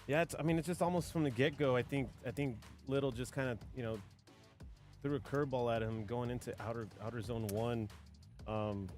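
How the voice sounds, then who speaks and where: A man's voice: mid-range voice, fairly quick, a little mellow, soft background music. A man commentating and judging a live drift event, rambling casually with many restarts.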